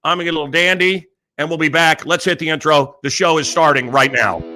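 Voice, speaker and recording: A man's voice: fairly high pitch, quick pace, pushed and bright, a little hiss or hum. A man hosting his own show, talking in a loose, rambling monologue that jumps between topics with lots of fillers. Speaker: talk show host. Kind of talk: casual monologue.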